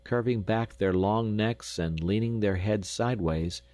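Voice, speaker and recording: Low-voiced male audiobook narrator. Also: no echo. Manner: measured, lightly expressive storytelling. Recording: dry close studio recording.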